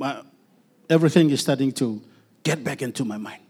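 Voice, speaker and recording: A middle-aged man giving an earnest personal testimony as a preacher, halting with restarts and letting phrases trail off softly. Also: on the high side, lively intonation, husky.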